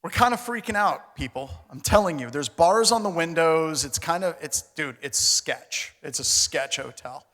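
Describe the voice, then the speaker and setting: A middle-aged American man telling a comic story on a conference stage, casual and animated, with slang and mild swearing. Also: fairly high pitch, normal speed, few pauses. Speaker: conference speaker. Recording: reverberant conference hall.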